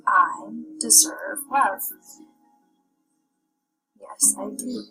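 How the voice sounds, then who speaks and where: A woman guiding a child through breathing and affirmations in a soft, gentle voice that often drops to a half-whisper. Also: mid-range voice, drawn-out words, over music, low-quality recording. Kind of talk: guided relaxation and spoken affirmations.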